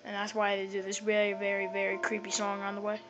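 A woman giving casual let's-play commentary, crude and excitable, swearing often. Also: mid-range voice, fast talker, poor audio.

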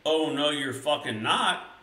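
A man's voice: a little high, animated, slow pace, sharp tone, echoey room, recorded from a distance, exaggerated voice, low-quality recording. Man doing a roaring hungry troll. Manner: roaring, crude threats. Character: hungry furious big hairy male troll.

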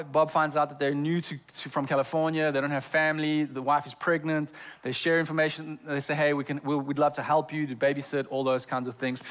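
Halting, earnest male pastor preaching. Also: a little high, fairly bright tone. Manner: stammers on repeated words. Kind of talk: sermon. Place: church sanctuary.

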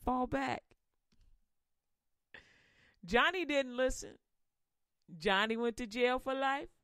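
A woman hosting a comic sermon podcast, preaching in loose street slang. Her voice sits a little high and swings in a lively way. The recording is dry and close. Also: unhurried, clear, resonant tone, dry recording. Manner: animated, slangy, acts out Bible voices. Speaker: host, lay preacher.

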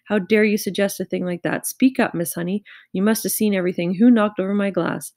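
A woman's voice: fairly low pitch, steady tone, a little fast, gravelly, a little mellow. A woman voicing a huge, furious headmistress who bellows and bullies in a storybook reading. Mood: bullying fury. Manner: roaring, bullying.

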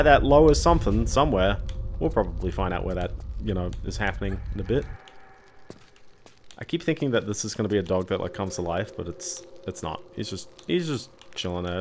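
A man's voice: low voice, creaky, slight background noise. A man streaming a video game, talking casually and thinking aloud as he plays. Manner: rambling, thinking aloud while playing. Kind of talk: casual gameplay commentary.

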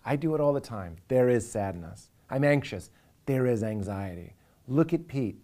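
A man in his thirties with a voice of middle pitch speaks in a reflective interview monologue. He sounds earnest and animated, and he slips into playful inner voices for comic effect. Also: moderate pace. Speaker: comedian.

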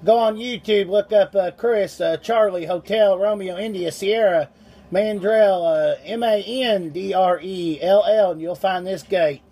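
High-voiced man calling on CB radio. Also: a little slow, dark tone. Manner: folksy, uses radio call-sign lingo. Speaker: CB radio operator. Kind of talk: CB radio chat. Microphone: iPhone.

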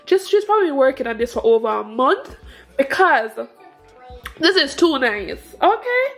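High-voiced, gushing young woman. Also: sing-song, normal speed, faint music behind. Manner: gushing, emotional, laughs often. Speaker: family vlogger, mother. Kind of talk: casual unboxing vlog.

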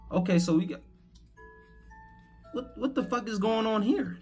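A man's voice: sits high, a little slow, pauses often, darkish tone, faint music behind. A young man giving rambling, profane, incredulous commentary while hosting a reaction video.

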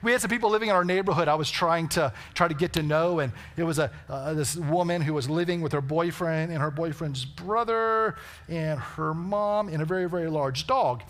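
A man's voice: on the high side, a little fast, fairly bright tone. A man preaching a sermon, telling stories and asking the congregation rhetorical questions. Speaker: pastor. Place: church sanctuary.

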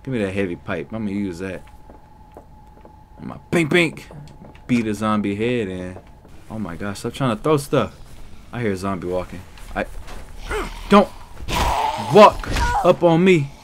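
A young man giving let's play commentary, loud and excitable, talking back to the characters on screen. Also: on the low side, measured pace, long pauses, a little hiss or hum. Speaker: gaming YouTuber.

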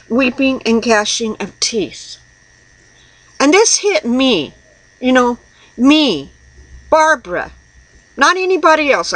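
Woman, middle-aged, lay preacher, slow unhurried delivery, fairly high voice, earnest devotional talk. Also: a bit bright, low-quality recording. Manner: earnest, reading scripture aloud and confessing. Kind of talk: personal devotional sermon.

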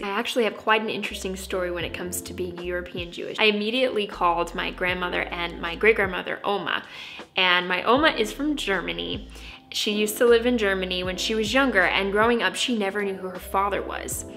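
Bubbly young American woman vlogging. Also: mid-range voice. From United States. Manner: bubbly, animated, playfully dramatic. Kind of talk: casual vlog talk to camera.

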